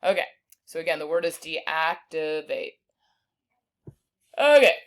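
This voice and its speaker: Woman teacher walking thru spelling words, lowish voice, sounds out every word real slow. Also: lively intonation. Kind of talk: recorded spelling lesson.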